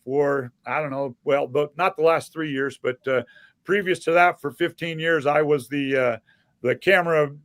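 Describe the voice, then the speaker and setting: A man's voice: on the high side, moderate pace, a bit bright, dry recording. A man chatting as a guest on a podcast from a home studio in a converted garage, rambling a little with plenty of fillers. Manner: rambling, hesitant, many fillers. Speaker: guest, former sports TV camera operator. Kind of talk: casual chat on a podcast.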